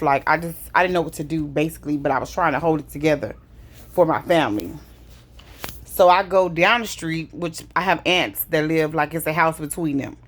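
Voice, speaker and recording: Low-voiced woman telling her story. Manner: emotional, conversational, repeats herself. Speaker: vlogger. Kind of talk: personal storytelling.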